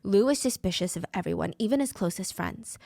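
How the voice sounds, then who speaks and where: A woman's voice: mid-range voice, expressive, fairly quick, gravelly, dark tone, dry recording, studio quality. A woman telling a true crime story in a dramatic way, putting on voices for the people she quotes.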